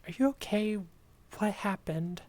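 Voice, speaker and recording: A woman reading as a frightened young neighbor in a horror story, slow and pleading, her voice climbing higher and louder as she insists she is real. She sounds upset and defensive. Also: natural voice. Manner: pleading, upset, rising to shouts.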